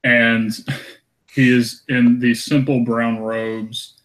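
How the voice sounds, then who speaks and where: Player, man, monotone delivery, casual character description. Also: mid-range voice, drawn-out words. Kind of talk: casual tabletop game play.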